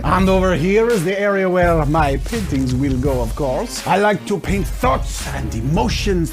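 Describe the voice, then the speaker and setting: A theatrical French painter full of grand ideals, as a man puts him on. He speaks in a thick, exaggerated French accent in a high voice, making lofty declarations while playing a game. Soft music plays quietly behind him. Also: creaky, heavily acted. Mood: showy. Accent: put-on exaggerated French. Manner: lofty, dramatic pronouncements with a few French words. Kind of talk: narrated game let's-play.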